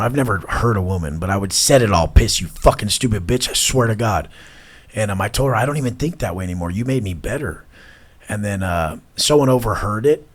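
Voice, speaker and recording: A man in his thirties, a podcast guest talking bluntly and intensely, swearing often. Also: on the low side. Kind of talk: casual chat.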